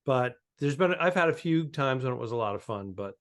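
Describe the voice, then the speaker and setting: Male podcast co-host, average pitch, chatty anecdote teller. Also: lively intonation, fairly quick. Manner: rambling anecdotes with restarts and quoted dialogue. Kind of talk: casual comedic chat.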